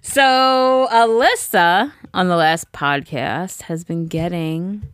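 A woman co-hosting a podcast in casual conversation, with a low voice. She is sympathetic but blunt and swears freely. The recording is dry and close. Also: slow pace, smooth, dry recording. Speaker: podcast co-host. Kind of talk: casual chat.

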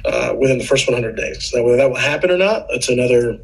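A man's voice: mid-range voice, fast, vocal fry, breathy edge, poor audio. A man, a podcast guest, explaining immigration policy in casual political chat, earnest and patient, often restarting his sentences.

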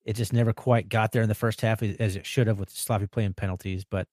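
A man's voice: on the low side, fairly even intonation, quick pace, darkish tone, no room sound, clean studio sound. A man hosting a sports podcast, recapping a football game in a chatty way, rattling off stats with fillers.

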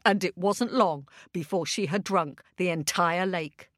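A woman's voice: mid-range voice, lively intonation, moderate pace, hardly any pauses, fairly bright tone, dry recording, clean studio sound. A woman telling a children's story aloud, asking the young listeners questions and making sound effects.

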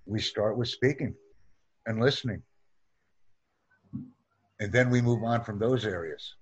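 A man teaching an online English lesson, speaking in slow, deliberate drills and repeating sentences for practice. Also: lowish voice, breathy edge, lo-fi sound.

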